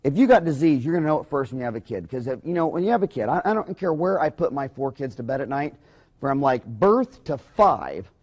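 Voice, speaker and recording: A man, a dentist delivering a rambling, impassioned business talk in a folksy way, often breaking into loud, excited bursts. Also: medium pitch, a little fast.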